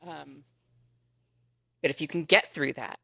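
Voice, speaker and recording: A woman podcast guest telling a story in an animated, chatty way, often laughing as she goes. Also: low voice, measured pace, vocal fry, dry recording. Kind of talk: casual storytelling.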